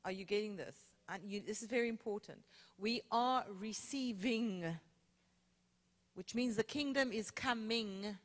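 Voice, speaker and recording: A woman's voice: mid-range voice, fairly quick, hardly any pauses, in a large hall. A woman, a guest preacher teaching from scripture with playful emphasis. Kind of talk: sermon. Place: church sanctuary.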